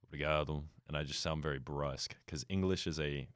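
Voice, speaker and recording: A young American man hosting a casual chat, talking quickly in a deep, brusque way. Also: smooth, no echo, clean studio sound. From United States. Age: young adult. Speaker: host.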